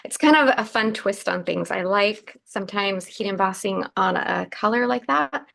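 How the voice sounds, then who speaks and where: A woman hosts a live card-making demonstration and talks casually through every step as she works. Her voice is still groggy from the morning and has a gravelly edge with plenty of fry. Her pitch sits in the middle range for a woman. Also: expressive, moderate pace, fairly bright tone. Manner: chatty, narrating each step as she works. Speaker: craft show host.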